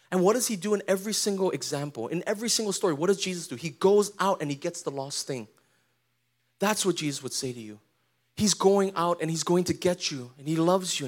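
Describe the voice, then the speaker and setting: Man, pastor, sermon, high voice, casual slangy preaching, asks the congregation questions.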